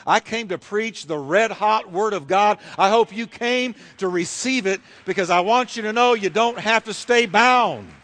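A man's voice: high voice, measured pace, few pauses, fairly bright tone. A man preaching a fervent sermon, driving his points home with repeated rhetorical questions.

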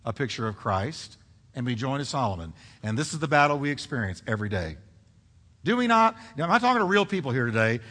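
Preacher, male, fairly high forceful voice; dramatic sermon delivery with rising peaks, long church reverb. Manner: dramatic, builds to loud emphatic peaks, asks the congregation questions.

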